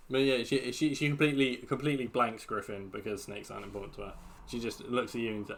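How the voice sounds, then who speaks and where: A man's voice: medium pitch, fairly even intonation, quick pace, hardly any pauses, a little hiss or hum. Hesitant man narrating as game master. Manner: hesitant, filler-heavy, laughing. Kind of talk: tabletop game narration on a stream.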